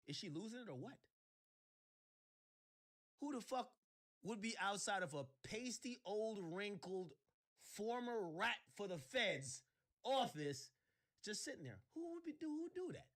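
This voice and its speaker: A man hosting a livestream, ranting sarcastically in casual chat and breaking into shouts. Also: high-pitched, very animated, unhurried, long pauses. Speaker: livestream host.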